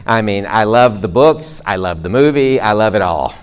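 Male preacher, middle-aged, lowish voice, casual sermon delivery with joking asides. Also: lively intonation, normal speed, clear, resonant tone. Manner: conversational, self-deprecating asides and jokes; speaks to a live congregation.

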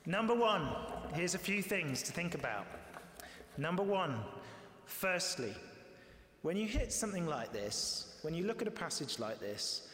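A man preaching a sermon in a lively, conversational way, briefly acting out the voices he quotes. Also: on the high side, normal speed. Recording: echoey hall with long reverb.

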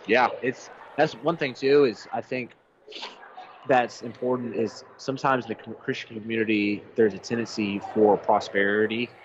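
A man's voice: fairly low pitch, fairly even intonation, normal speed, dull audio, noisy background. A young man co-hosting a casual faith talk, thoughtful, often restarting his sentences. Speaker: podcast co-host.

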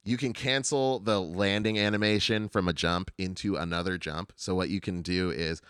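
A man's voice: low voice, normal speed, clean tone, no echo, clean studio sound. A man co-hosting a podcast, casually and animatedly chatting about video games and swearing freely. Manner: animated, swears freely, acts out game lines. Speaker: podcast co-host.

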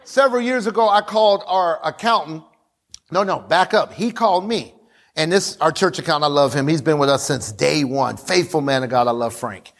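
A male pastor preaching a fiery sermon, often shouting and calling on the congregation to respond. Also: on the high side, moderate pace.

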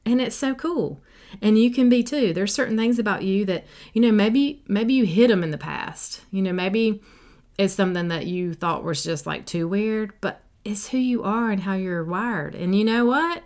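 A woman's voice: mid-range voice, expressive, moderate pace. A woman, hosting a casual solo podcast in a chatty, silly and sassy way. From South Carolina, USA. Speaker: podcast host and life coach. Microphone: podcast microphone.

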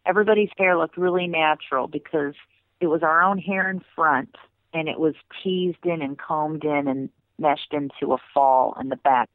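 A woman and former theme park performer, telling stories in a casual, animated way as an interview guest. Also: low-pitched, moderate pace, no echo. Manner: animated, with bursts of laughter. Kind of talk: casual storytelling. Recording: tinny phone line.

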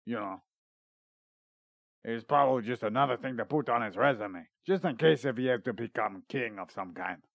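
A man's voice: mid-range voice, moderate pace, gravelly, no echo. A man hosting a comedy podcast, rambling and joking, sometimes reading from his notes. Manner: rambling, jokey, reads research notes aloud. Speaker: podcast host. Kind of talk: casual comedy podcast chat.

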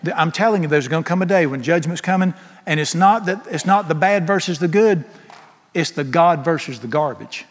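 A folksy, emphatic sermon comes from a middle-aged preacher talking fairly quickly, with jokes slipped in along the way. His somewhat high male voice carries a long reverb, as in a spacious church hall.

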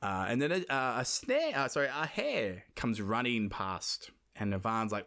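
A man's voice: medium pitch, sing-song, normal speed, few pauses, sharp tone. A man hosting a podcast, retelling a folk tale in casual chat with rambling, jokey asides. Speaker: podcast host, storyteller.

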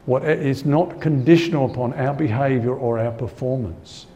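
Man preaching in a mellow, conversational tone. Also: mid-range voice, moderate pace. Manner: conversational preaching, repeats key phrases, frequent "you know". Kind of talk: sermon.

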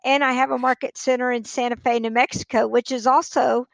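Podcast guest, woman, fairly high voice, businesslike, voice going, dry sound. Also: level tone, a little fast, vocal fry, no echo. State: losing her voice. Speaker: podcast guest, real estate leader. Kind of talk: casual interview talk.

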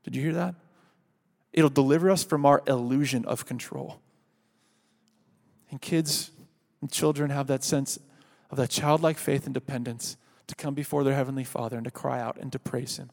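A man preaching a sermon, earnest and building to loud calls, then leading a prayer. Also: mid-range voice, fairly even intonation, normal speed, gravelly, pauses often. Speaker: pastor. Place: church sanctuary. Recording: reverberant hall.

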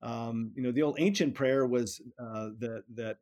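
A man's voice: medium pitch, measured pace, darkish tone. A middle-aged man, a politics professor, talking through ideas in an interview, often restarting and repeating words as he thinks. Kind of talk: academic interview conversation.

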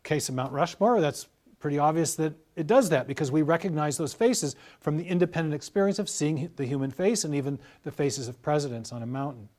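A middle-aged man talking at length in an interview, in a measured, explanatory way, walking through illustrative stories. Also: fairly high pitch, darkish tone. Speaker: guest scholar.

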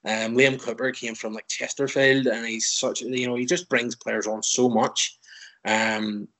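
A man talks about football as a guest on a chat show. His voice is bright and forceful, at a middle pitch. He is opinionated and answers in long, loose, run-on stretches. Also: level tone, a little slow, poor audio. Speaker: podcast guest, football fan. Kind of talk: casual chat.

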